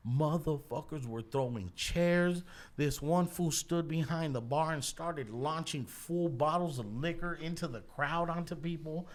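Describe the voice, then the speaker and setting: A podcast host with a voice on the high side, speaking a little slowly, tells wild stories in casual chat. He swears freely and laughs as he animatedly quotes people.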